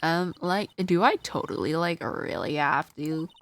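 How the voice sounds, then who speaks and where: A woman's voice: low-pitched, lively intonation, unhurried, fairly bright tone, exaggerated voice. A woman voicing a ditzy young valley-girl witness in a video game, speaking with a Valley Girl accent and filling every phrase with "like.". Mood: reluctant. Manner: says "like" constantly, hesitant. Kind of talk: reading game dialogue aloud.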